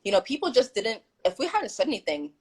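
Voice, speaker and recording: A woman's voice: a little high, fast, slight background noise, low-quality recording. A woman guest telling a story in casual chat on a video call, acting out what people said. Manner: animated, acts out quoted dialogue.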